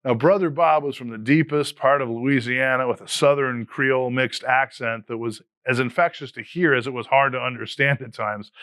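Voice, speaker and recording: Man, fifties, educator, motivational scripted talk, earnest, mid pitch, dry recording. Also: a bit bright, no echo. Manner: earnest, motivational, measured delivery. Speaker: educator and podcast host.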